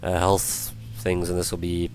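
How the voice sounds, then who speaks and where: A man explaining web page coding in a screen-recorded tutorial, his voice worn from illness, halting with many ums and restarts. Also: low-pitched, monotone, darkish tone, soft background music. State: voice going from illness. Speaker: tutorial presenter.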